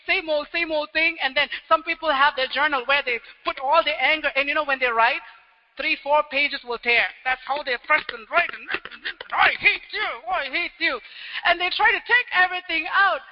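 A man preaching a sermon as pastor, animated and acting out everyday scenes with quick little quoted voices. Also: very high-pitched. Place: church hall. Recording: dull lo-fi sound with long hall reverb.

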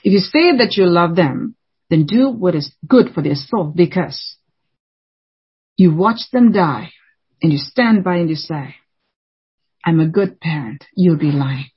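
A woman's voice: lowish voice, lively intonation, measured pace, pauses often, husky, dull audio. A woman preaching a fervent, scolding sermon, repeating lines for emphasis.

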